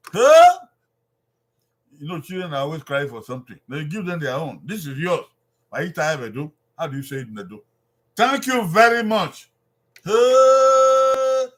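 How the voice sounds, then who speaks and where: A man giving an informal language lesson, repeating phrases slowly for his listeners to follow. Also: mid-range voice, a bit bright. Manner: repeats phrases slowly, drawn-out call-and-response. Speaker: Edo language teacher.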